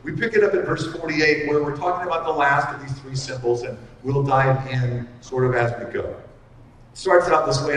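A middle-aged man preaching an expository sermon, earnest and slowing down to stress key lines. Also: medium pitch, a little hiss or hum. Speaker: pastor. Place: large hall with long reverb. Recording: echoey hall from far off.

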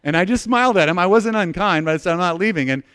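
A man's voice: high voice, fast talker, smooth, no echo, studio quality. A middle-aged man preaching a sermon as a pastor, telling stories animatedly and acting out the quotes, often restarting and repeating words. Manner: animated storytelling with acted-out quotes.

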